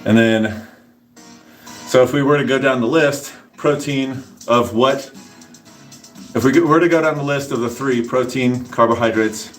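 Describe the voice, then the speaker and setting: A man's voice: mid-range voice, measured pace, long pauses, faint music behind. Rambling man chatting between workout sets. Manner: rambling, answers chat, jokey asides. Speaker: fitness streamer. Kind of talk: casual livestream chat between sets.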